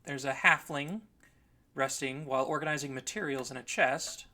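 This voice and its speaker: Bright-voiced game master narrating. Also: male voice, mid-range voice, normal speed. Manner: descriptive narration with restarts.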